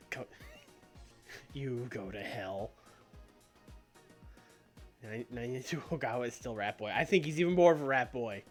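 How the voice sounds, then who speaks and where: A man's voice: mid-range voice, moderate pace, pauses often, soft background music. A man streaming a game with casual commentary, making wry, muttered asides and laughing often. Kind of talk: casual let's-play commentary.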